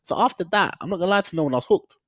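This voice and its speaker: A man's voice: sits high, lively intonation, rapid-fire, a bit bright, no echo. A young man, telling his story in a casual interview, slangy and often laughing. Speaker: guest. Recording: dull lo-fi dry sound.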